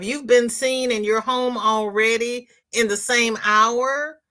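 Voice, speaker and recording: A woman hosts a casual live stream, chatting with viewers and reading their comments aloud with playful asides. She talks at an unhurried, slow pace. Her voice is bright and clear. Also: a little high, fairly even intonation. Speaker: crochet live stream host. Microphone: computer mic on a live stream.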